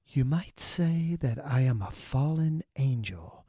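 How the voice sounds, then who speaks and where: A man voicing a proud, half-mad fallen angel who talks low and mutters, sometimes in a whisper. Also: expressive, slow pace, dark tone, husky, dry recording, studio quality, full character voice. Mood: brooding.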